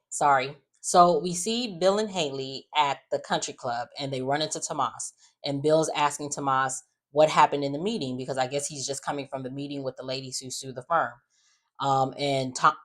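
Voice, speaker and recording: Low-voiced woman recapping a soap. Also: normal speed, a bit bright. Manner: chatty and opinionated, sassy asides. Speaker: soap opera recap host. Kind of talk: casual recap commentary.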